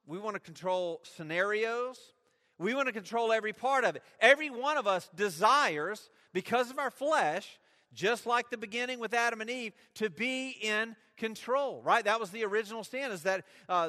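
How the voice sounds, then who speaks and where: A pastor with a high-pitched, pushed, bright voice preaches emphatically, frequently putting questions to his listeners. A long hall reverb trails his words.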